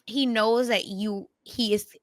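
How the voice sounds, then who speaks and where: A woman co-hosting a podcast, chatting casually about a TV episode and chiming in often with quick agreement. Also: medium pitch, steady tone, dry recording. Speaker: podcast co-host. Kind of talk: casual TV recap chat.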